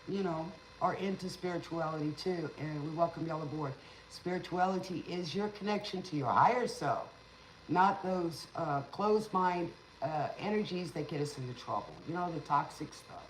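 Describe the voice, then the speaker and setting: With lively intonation and a mid-range voice at a moderate pace, this tarot reader and spiritual teacher chats loosely on a livestream. She drifts like a teacher, tosses in sarcasm and occasionally stutters, with a roomy sound and faint background noise.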